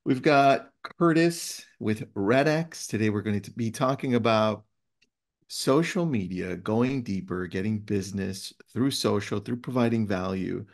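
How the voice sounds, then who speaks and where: A man with a lowish, unhurried voice hosts a casual webinar, telling stories energetically as an animated storyteller and reading passages aloud.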